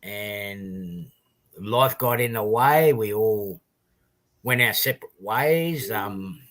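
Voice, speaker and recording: A man's voice: fairly low pitch, takes it slowly, fairly bright tone. A middle-aged man with an Australian accent hosting a casual livestream, greeting viewers one by one in a rambling, friendly way with plenty of ums. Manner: rambling, chatty greetings to viewers with many fillers. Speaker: livestream host.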